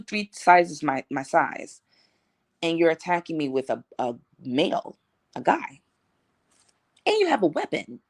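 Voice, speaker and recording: Young woman telling her story to the camera, animated and emphatic, with a slightly low voice. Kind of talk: storytime vlog.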